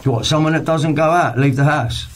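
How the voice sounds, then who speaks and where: A man's voice: on the high side, moderate pace, a little hiss or hum. A man answering questions in a defensive, curt and challenging way. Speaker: interviewee under questioning.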